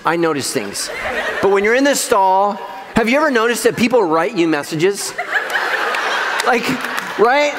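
A man's voice: high voice, long reverb tail, noisy background. A middle-aged male pastor preaching a sermon in a church, conversational and joking, laughing at his own jokes. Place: church auditorium.

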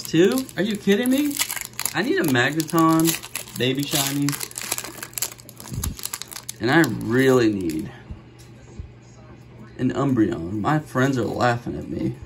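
A middle-aged man hosting a card-opening video, chatting casually and joking, with sudden gasps and bursts of excitement. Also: medium pitch, noisy background. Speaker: card-opening channel host. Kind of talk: casual pack-opening commentary.

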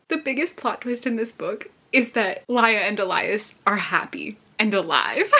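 Emotional gushing young woman, breathy. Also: fairly high pitch, normal speed, fairly bright tone. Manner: gushing, emotional, laughing often. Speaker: book vlogger. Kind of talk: casual reading reaction vlog.

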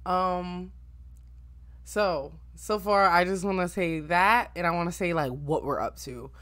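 Chatty, slangy woman with a low voice. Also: a little slow, dry recording. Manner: chatty, slangy and profane, with frequent fillers; animated, swinging between loud outbursts and low asides. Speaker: anime reaction YouTuber. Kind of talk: casual recap to viewers.

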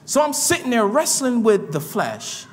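A man preaches with passion, sliding from hushed, low lines up to ringing shouts. His voice sits high and moves a lot in pitch. It carries a long church-hall reverb. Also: wildly swooping pitch, moderate pace, a little hiss or hum. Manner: impassioned, swinging between low murmurs and shouts. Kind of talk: sermon. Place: church sanctuary.

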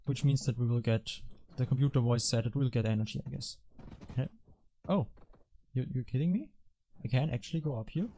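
A man's voice: medium pitch, brisk, pauses often, warm tone. A man hosting casual gameplay commentary, rambling and self-mocking, with frequent exasperated outbursts at his teammates. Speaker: gaming channel host.

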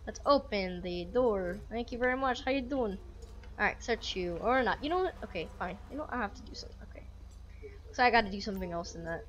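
A woman's voice: mid-range voice, expressive, quick pace, a bit bright, muffled recording, slight background noise. A woman giving casual, chatty commentary while playing a police game, often laughing and talking to the characters. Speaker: gamer playing a police sim.

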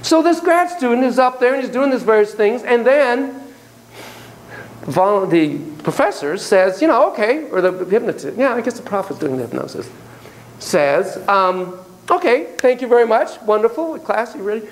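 A man's voice: sits high, normal speed, a little hiss or hum, low-quality recording. A man lecturing a university class on psychotherapy. He tells casual, self-deprecating stories with frequent asides and acts out the voices he quotes. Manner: animated storyteller who acts out quoted voices.

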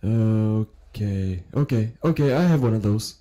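A forgetful, befuddled old man, voiced by a man in a role-play game, stumbling and repeating himself as he searches for words. His tone is soft and mellow, never sharp. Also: lowish voice, animated, measured pace. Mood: confused, muddled. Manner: hesitant and repetitive, stammering. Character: confused, forgetful elderly man. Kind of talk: role-play driving stop.

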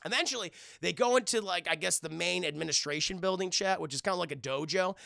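Gravelly, bright-voiced man recapping loosely. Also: sits high, quick pace, dry recording. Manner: profane, rambling, animated storytelling. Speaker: streamer reviewing a cartoon episode. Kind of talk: casual recap talking to live chat.

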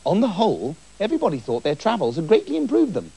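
Animated husky male storyteller. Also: high-pitched, quick pace. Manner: animated, giggling at his own tale. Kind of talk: comic storybook narration.

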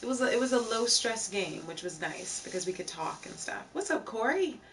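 A woman's voice: a little high, big pitch swings, a little fast, fairly bright tone. Chatty woman live streamer, slightly distant mic. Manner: chatty, greets viewers from chat as she talks. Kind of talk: casual live stream chat. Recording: slightly distant mic, faint background noise.

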